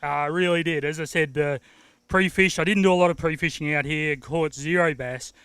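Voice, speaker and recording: Brief: Australian male angler, bright crisp voice, easygoing and self-deprecating. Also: fairly high pitch, steady tone, brisk, no room sound. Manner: laid-back, self-deprecating humour. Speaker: winning angler. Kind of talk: casual interview. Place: outdoors at a lakeside weigh-in.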